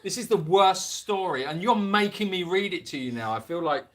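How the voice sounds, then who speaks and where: A man's voice: high-pitched, expressive, moderate pace, fairly bright tone. A man hosting a livestream, reading a story aloud and breaking off for sarcastic, jokey comments. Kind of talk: comic story reading with asides.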